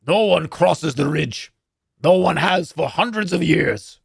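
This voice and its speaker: A man voicing a gruff, suspicious male dwarf in a fantasy game, speaking bluntly in a rough, grumbling voice. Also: fairly high pitch, a little slow, no room sound, studio quality, voice pushed up, heavily acted.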